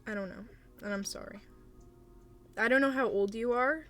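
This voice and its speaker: A young woman streaming live, talking casually and gently to her chat, hesitant and supportive with many fillers. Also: fairly high pitch, moderate pace, soft background music. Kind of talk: casual live-stream chat, reading and answering viewer messages.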